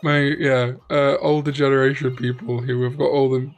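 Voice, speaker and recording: A man's voice: medium pitch, flat delivery, moderate pace. Chatty man over faint game music. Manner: chatty, joking, rambling asides. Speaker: Let's Play co-host. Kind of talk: casual gaming chat.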